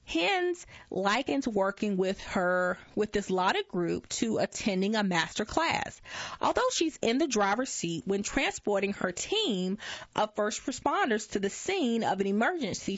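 Woman reading a magazine aloud, lively pitch. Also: no room sound. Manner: unhurried reading with frequent stumbles and self-corrections. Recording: dull lo-fi dry recording.

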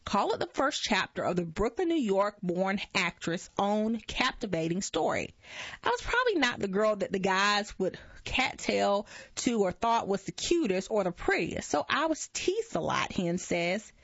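Woman reading a magazine aloud, lively pitch. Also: dry recording. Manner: unhurried reading with frequent stumbles and self-corrections. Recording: dull lo-fi dry recording.

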